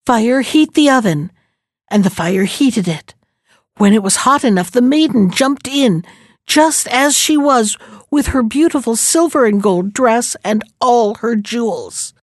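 A woman's voice: measured pace, no room sound, studio quality. Woman reading a fairy tale aloud. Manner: lively, shifts pitch for each character. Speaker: storyteller.

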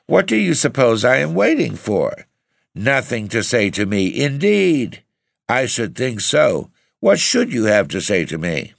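A man's voice: mid-range voice, wildly swooping pitch, a little slow, creaky, no room sound, studio quality, voice pushed up, heavily acted. A man reading the part of a proud young lady who answers sharply and indignantly.

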